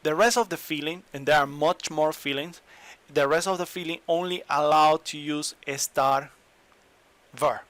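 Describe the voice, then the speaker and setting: A man teaching in an online lesson, English, explaining slowly and repeating examples. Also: fairly high pitch, fairly bright tone, no room sound. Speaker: Spanish teacher.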